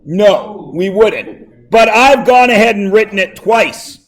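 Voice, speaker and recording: A man teaching a classroom math lesson, quizzing students with quick questions and joking asides. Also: high-pitched, lively intonation.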